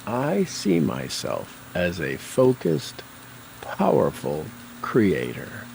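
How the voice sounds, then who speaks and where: A man leading a guided tapping session, calling out tapping points and repeating affirmations with slow, deliberate coaching cues. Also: sits low, wildly swooping pitch, creaky, a little mellow, a little hiss or hum, rough recording.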